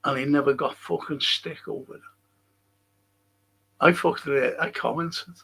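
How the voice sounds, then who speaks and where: A man's voice: a little high, steady tone, measured pace, vocal fry, bright, forceful tone, breathy edge, rough recording. A man hosting a casual livestream chat, reading out viewer comments and ranting bluntly with plenty of swearing. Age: older.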